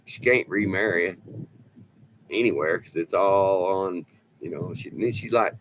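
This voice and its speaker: Drawling man, low voice, swearing freely. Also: a little hiss or hum, rough recording. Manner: loose and profane, drawn-out storytelling with lots of "man". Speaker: vlogger. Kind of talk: casual rambling chat.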